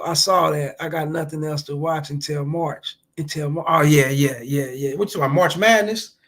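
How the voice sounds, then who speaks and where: A man with a slightly high, gravelly voice hosts a relaxed livestream. He talks loosely and profanely in slang and speaks straight to the viewers in his chat, as if catching up with friends. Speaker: livestream host talking to chat.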